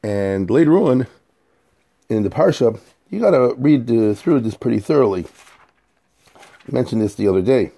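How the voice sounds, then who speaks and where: A man with a mellow, warm tone gives a casual scripture lesson. He talks in a relaxed, conversational way and translates Hebrew verses into everyday English as he goes. He sometimes restarts a phrase and repeats a word before moving on. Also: mid-range voice, normal speed, pauses often. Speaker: Torah teacher.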